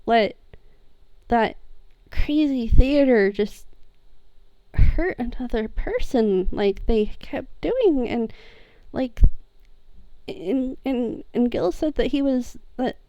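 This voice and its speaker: Tabletop game: heartsore young figure, woman player, halting delivery, high, smooth. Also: lively intonation, dark tone, no room sound. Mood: hurt. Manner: halting, many restarts and trailing words. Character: troubled young person, heartsore and wistful. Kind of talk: in-character tabletop role-play. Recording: muffled lo-fi mic.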